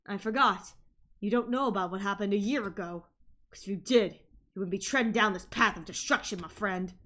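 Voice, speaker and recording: A woman voicing a quiet, solemn teenage country boy, speaking low and grave. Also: brisk, lightly acted.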